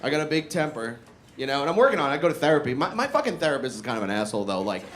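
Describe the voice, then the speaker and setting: Performing live in a barbershop, a male comedian talks rapid-fire in a sing-song, medium-pitched voice, swearing, mocking himself, and questioning the audience. The recording picks up room echo, a loud crowd, and some background noise.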